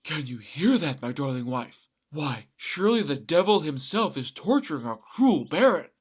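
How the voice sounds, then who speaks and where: A man's voice: a little high, big pitch swings, moderate pace, breathy edge. A man voicing a cunning peasant husband in a folktale, speaking with mock-dramatic solemnity. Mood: mock-triumphant. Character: scheming, wily peasant husband feigning gravity.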